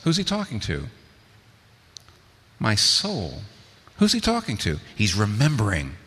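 A man's voice: on the low side, wildly swooping pitch, unhurried, long pauses, pushed and bright, breathy edge, long reverb tail. A man preaching a sermon, asking rhetorical questions and building to emphatic peaks. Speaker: pastor.

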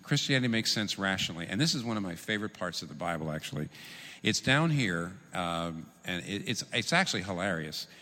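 A man preaching a sermon, teaching in an animated, humorous way with quick asides. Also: deep voice. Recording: long reverb in a large hall.

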